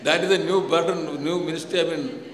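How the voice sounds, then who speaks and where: Older Indian male minister, high voice, chatty speech with lots of restarts, recorded in a big reverberant hall. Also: steady tone, fairly quick. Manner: rambling, restarts, retells phone calls as dialogue, chuckles at own jokes. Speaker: government minister giving a speech. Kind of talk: informal public speech. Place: large hall, speaking to an audience. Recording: echoey hall with long reverb.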